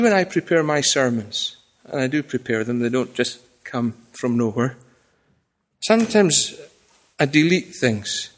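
A man preaching a sermon to his congregation. He swings from raised, declaiming passages to quiet, confiding asides, with self-deprecating humour. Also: a little high. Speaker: pastor.

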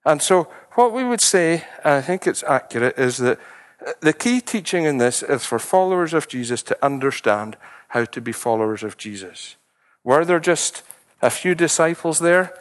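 A middle-aged man preaches in a friendly, conversational tone, his voice at an ordinary male pitch. He pushes it up earnestly when stressing a point, then settles back to an easy explaining manner. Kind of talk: sermon.

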